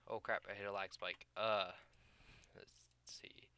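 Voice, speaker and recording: A man's voice: on the low side, level tone, measured pace, pushed and bright, clear, resonant tone. A tired young man giving casual gameplay commentary on his video channel, rambling, losing his train of thought and filling gaps with "uh" and "like". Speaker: gaming YouTuber.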